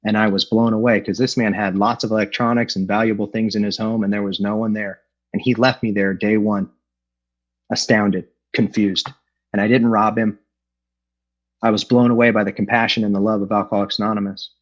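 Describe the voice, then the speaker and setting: Middle-aged man, lowish husky voice, candid recovery share over lo-fi video call audio. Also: level tone, brisk. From Los Angeles. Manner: candid, self-deprecating, with frequent fillers and laughs. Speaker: AA speaker sharing his story. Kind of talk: personal recovery talk. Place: home, on an online meeting. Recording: dull lo-fi online call audio.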